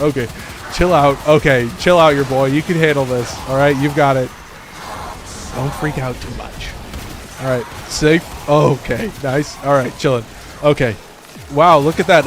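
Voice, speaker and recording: A man streams a game and chats casually, rambling with lots of fillers and restarts. His voice is a little high at normal speed, with background noise in the recording.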